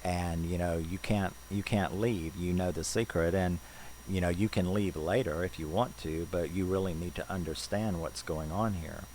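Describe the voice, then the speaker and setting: Deep-voiced male film reviewer, chatty and rambling, faint hiss on the recording. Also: steady tone, moderate pace, a little mellow, rough recording. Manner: loose and rambling, full of "you know"s and restarts. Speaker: movie reviewer.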